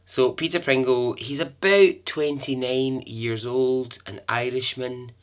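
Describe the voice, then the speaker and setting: A man's voice: mid-range voice, a bit bright. A man hosting a podcast, telling a true-crime story in a chatty way with asides and the odd swear word. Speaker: podcast host.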